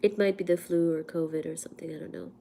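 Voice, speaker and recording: A woman from India hosts a casual livestream from her home. She is hoarse from a cold, speaks softly, often slips into a whisper, and coughs now and then. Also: on the low side, steady tone, fast talker, a little hiss or hum. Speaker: livestream host and physics teacher. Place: at home, indoors.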